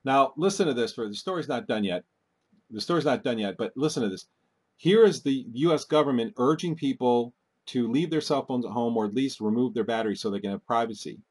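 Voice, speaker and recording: A man speaks in an urgent, warning tone as he hosts his own commentary video. His voice sits at an ordinary middle pitch. He often breaks off mid-word and starts over. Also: brisk, husky. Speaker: video host. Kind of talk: casual commentary.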